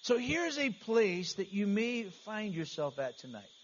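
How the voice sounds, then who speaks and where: A man's voice: sits high, big pitch swings, measured pace. A man preaching an earnest, conversational sermon as pastor, often restarting his phrases. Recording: slightly dull, faint hiss.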